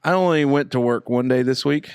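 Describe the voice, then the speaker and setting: A man co-hosting a casual podcast, telling a hunting story and acting out the voices of other people loudly. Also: medium pitch, brisk, clean tone, no echo, clean studio sound. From Indiana. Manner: animated storyteller, acts out quotes loudly. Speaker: podcast co-host.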